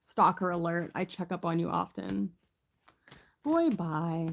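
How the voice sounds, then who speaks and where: A woman with a fairly low, animated voice reads tarot at an unhurried pace. Her talk is casual and rambling, packed with fillers and swearing.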